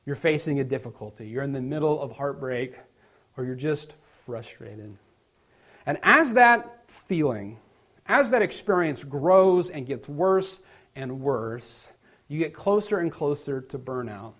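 A middle-aged male pastor preaching a sermon, telling a personal story in a conversational way and dropping to quiet emphasis on key words. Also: medium pitch, lively intonation, unhurried.

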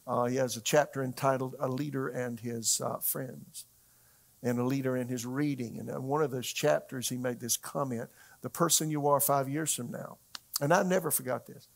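A middle-aged man preaching a sermon as pastor, conversational and halting, with frequent fillers and restarts. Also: mid-range voice, steady tone, gravelly.

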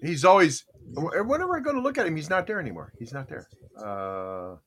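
An older man hosts a relaxed morning show. His slightly high, bright voice swings freely in pitch. He wanders through stories, repeats phrases and chuckles along the way. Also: a little fast. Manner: rambling, chuckling, repeats himself. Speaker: host. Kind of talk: casual morning-show chat.

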